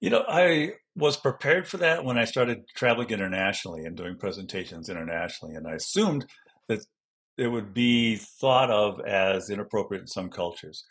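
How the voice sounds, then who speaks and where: A middle-aged man, an educational consultant, answering interview questions in an animated way and acting out classroom examples. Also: fairly low pitch, moderate pace. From Denver, Colorado.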